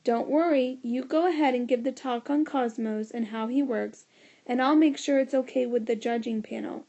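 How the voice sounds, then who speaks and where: A woman voicing a scheming, smooth-talking man with an eager, firm manner in a storybook reading. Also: high voice, normal speed, warm tone, muffled recording.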